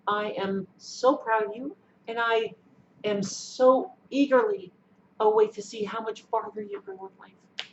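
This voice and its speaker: A woman's voice: mid-range voice, fairly even intonation, a little slow. A middle-aged woman earnestly telling a personal story, repeating herself and restarting her sentences. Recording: dull lo-fi sound with faint noise.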